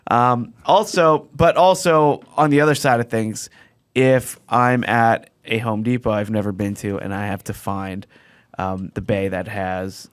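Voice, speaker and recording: Podcast guy chatting, gets excited and jumps way up in pitch, dry close mic. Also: dry recording. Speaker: podcast co-host. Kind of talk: casual chat.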